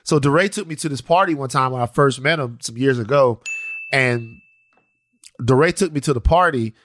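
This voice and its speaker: A man co-hosting a podcast, telling stories in a loose, animated way with many restarts. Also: mid-range voice, normal speed, a little hiss or hum. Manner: animated storytelling, lots of restarts and "you know". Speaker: podcast co-host. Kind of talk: casual chat.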